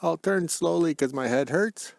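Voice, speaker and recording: A man with a high-pitched voice chats in a folksy, joking way and keeps tacking "eh" onto his sentences. He records a casual vlog on his phone outdoors in the cold, and the sound is close and dry. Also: moderate pace, gravelly, no echo. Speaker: vlogger. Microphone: phone camera.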